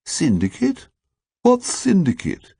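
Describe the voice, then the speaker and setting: A man's voice: fairly high pitch, huge pitch swings, slow pace, gravelly, mellow, slightly rough, no room sound, exaggerated voice. A man voicing a prim young man who speaks in a stiff, oddly precise and formal way. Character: Teddy Weeks, a prim young man with odd precise speech.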